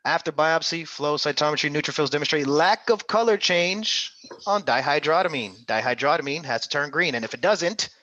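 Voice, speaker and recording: Upbeat bright-voiced male tutor. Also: fairly high pitch, animated, brisk, no room sound, highs cut off. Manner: upbeat, coaxing, calls on students by name. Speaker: medical exam tutor. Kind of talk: interactive online class.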